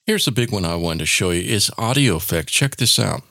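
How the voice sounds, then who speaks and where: A man hosting a casual software tutorial, explaining each step in an informal, demonstrative way. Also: fairly low pitch, lively intonation, fairly quick, vocal fry, no echo, studio quality. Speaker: tech tutorial host.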